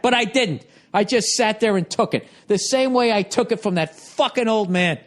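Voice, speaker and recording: Profane, ranting man, high voice. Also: lively intonation, moderate pace. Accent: Boston. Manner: profane, exasperated storytelling, jumps into loud mock voices. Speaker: podcast host. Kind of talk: ranting monologue.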